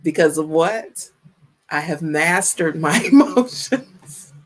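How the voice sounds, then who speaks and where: A woman in her fifties hosting a casual live stream, greeting viewers with exuberant shouts and drawn-out, playful calls. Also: low voice, expressive, breathy edge. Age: 50s. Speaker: livestream host.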